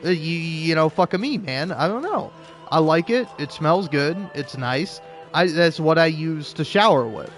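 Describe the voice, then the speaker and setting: A gaming video creator talks in a rambling, casual commentary with frequent restarts, sarcastic and profane, often laughing between points. His voice sits on the high side with lively intonation and a moderate pace, and faint music plays behind him.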